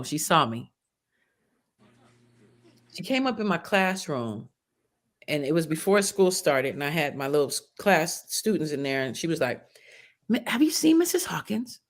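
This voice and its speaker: Animated woman telling stories, swinging pitch. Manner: animated, profane, acts out quoted people. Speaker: schoolteacher. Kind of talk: casual podcast storytelling.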